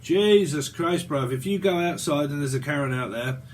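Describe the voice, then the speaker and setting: Speaking at a moderate pace in a somewhat high voice, this tarot reader is a man in his forties from Britain. His casual monologue wanders, swears freely, and is full of laughter, over a faint hiss or hum.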